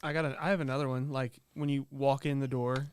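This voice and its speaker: A man's voice: mid-range voice, little pitch movement, quick pace, clean tone. A man in his thirties, a podcast co-host, talking hesitantly and searching for words in casual chat.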